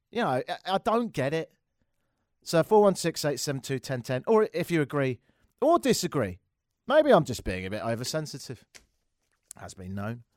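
A man's voice: on the high side, a little mellow, no echo, studio quality. A man with an English accent hosting a call-in radio show, talking in a sarcastic, wry and rambling way. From England. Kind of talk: talk radio monologue.

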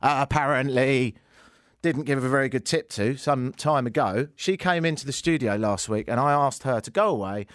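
A man's voice: mid-range voice, normal speed, no room sound. A British man hosting a radio talk show, delivering a sarcastic, mock-outraged comedic monologue into a studio microphone. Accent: British English. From Britain.

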